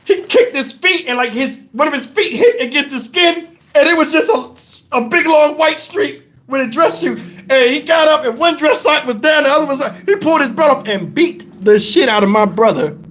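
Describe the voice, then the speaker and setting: A man hosting his channel, telling profane stories to viewers in a casual, animated way and breaking into laughter. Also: extremely high pitch, normal speed, a little hiss or hum. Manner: talks straight to the audience with questions. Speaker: channel host telling stories to a live chat.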